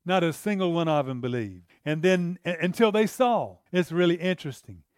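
A man's voice: a little high, lively intonation, normal speed, clean tone, no room sound, clean studio sound. A man preaching a sermon in a conversational way, acting out the lines of the people in the story. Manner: conversational, acts out the disciples' lines in character.

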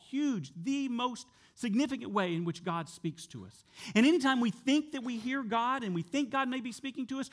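A male pastor preaching a sermon in a conversational way, sometimes dropping soft and slow for emphasis. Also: high voice. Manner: conversational with fillers and repeated words.

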